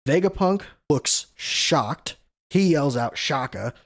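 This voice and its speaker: A man hosting a show about a comic series, retelling a chapter in a loose, conversational way with many "you know" fillers and quick stabs at the characters' lines. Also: mid-range voice, a little mellow, no room sound, clean studio sound. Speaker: manga discussion show host. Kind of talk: casual chapter recap.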